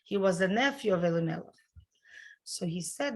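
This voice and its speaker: A woman's voice: fairly low pitch, animated, moderate pace, long pauses, a little mellow, poor audio. A middle-aged woman, a rebbetzin, gives an informal religious lesson to a women's class over a video call. She explains things step by step, often restarting her sentences and adding "you know".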